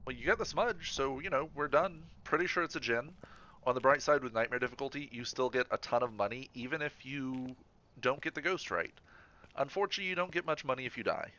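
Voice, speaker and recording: A man's voice: mid-range voice, fairly quick, sharp tone. A man streaming a game, chatting casually and rambling with many fillers and restarts. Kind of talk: casual chat while gaming. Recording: slightly dull livestream audio.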